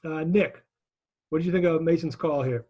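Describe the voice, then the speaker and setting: A man's voice: a little high, moderate pace, warm tone, husky, dull audio. A male instructor coaching students through sales calls on a video call, direct and encouraging, with frequent restarts.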